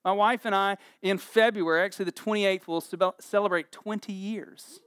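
A pastor in his forties preaches at a moderate pace, his high voice clear and resonant, in a studio-quality recording with no room sound. He's an animated, humorous storyteller who acts out voices while recounting scripture.

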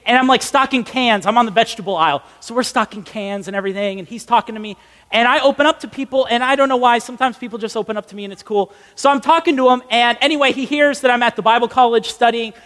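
A young man in his twenties preaching in a casual storytelling style, animated, emphatic and self-mocking. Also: extremely high pitch, fast talker. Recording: long echoey hall reverb.

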